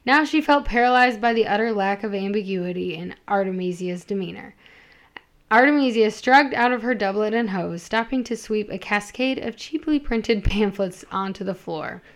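A woman's voice: mid-range voice, moderate pace. A woman reading a romance story aloud, amused, with small slips and restarts as she goes. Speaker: story reader and co-host.

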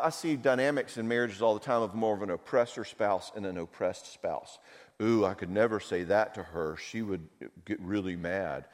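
A man, a marriage counselor, giving a conversational seminar talk full of personal stories and self-mocking humor. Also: fairly low pitch. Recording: long hall reverb.

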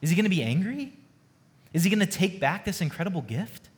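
A man's voice: sits high, sing-song, fairly quick, in a large hall. A man speaking as a frightened, ailing woman who questions herself anxiously in a retold scripture story.

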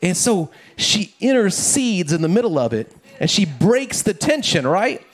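A man's voice: high voice, very animated, a little slow. A middle-aged man, a pastor, giving a casual, conversational sermon, often repeating words and checking in with "right?". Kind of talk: casual sermon with family stories.

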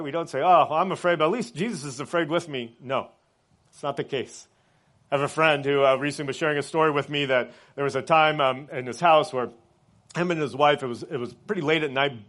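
A man delivers a sermon in a relaxed, conversational way, often tagging his points with a question to his listeners. His voice sits somewhat higher than most men's. On reflective points he drops to a soft, quiet delivery. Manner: conversational, often adds "right?" as a tag. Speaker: pastor.

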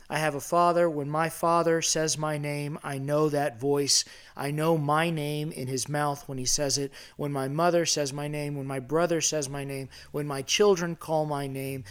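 A middle-aged man preaching a conversational sermon in a church sanctuary, asking his listeners questions and growing intense as he goes. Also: fairly high pitch. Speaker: pastor.

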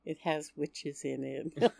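A woman talking about a film with her son on a podcast, casual and unhurried, mostly short agreeing replies. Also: sits low, animated, creaky, a little mellow, dry recording. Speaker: podcast guest, host's mother. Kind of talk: casual movie chat.

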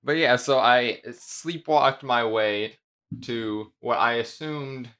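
A young man of eighteen telling a story in a hesitant, halting way on a casual podcast. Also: medium pitch, a bit bright, smooth. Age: young adult. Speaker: podcast guest. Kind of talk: casual chat.

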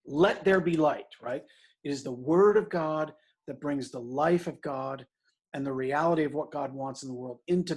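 A man's voice: on the high side, husky. A middle-aged man, a priest, preaching a conversational sermon, often checking in with "right?" and stressing scripture. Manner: conversational, frequent "right?" asides, emphatic on scripture.

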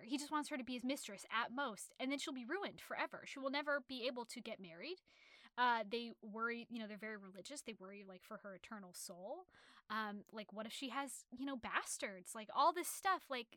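A woman talking casually about a book she has read, retelling its story in an animated way with many fillers and restarts. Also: on the high side, no room sound, studio quality. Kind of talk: casual literary discussion.

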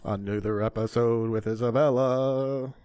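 A woman's voice: very deep voice, steady tone, unhurried, warm tone, clean tone, no room sound, clean studio sound. A woman podcast host chatting casually with a young child, playful and teasing, laughing often.

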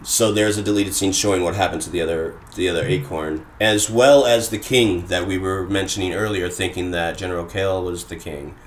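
Low-voiced man sharing movie trivia. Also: slight background noise, rough recording. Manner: halting, trivia-sharing, restarts often. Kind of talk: casual movie chat.

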